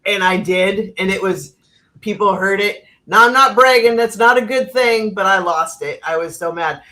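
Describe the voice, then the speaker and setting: A woman's voice: mid-range voice, moderate pace, pushed and bright. A middle-aged woman from the United States hosting a casual livestream chat, telling a story bluntly and with lots of laughter over a video call. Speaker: channel host.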